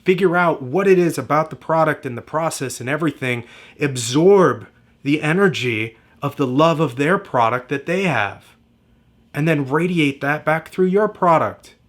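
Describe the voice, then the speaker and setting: A man's voice: fairly high pitch, expressive, normal speed. A man giving a direct-to-camera marketing lesson, emphatic and repetitive in a motivational way. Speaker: marketing coach.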